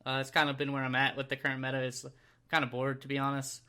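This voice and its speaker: Laid-back American guy co-hosting a podcast, crisp bright voice, self-deprecating and chuckly. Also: medium pitch, monotone, quick pace. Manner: easygoing, self-deprecating, laughs often. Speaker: podcast co-host. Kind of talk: casual podcast chat.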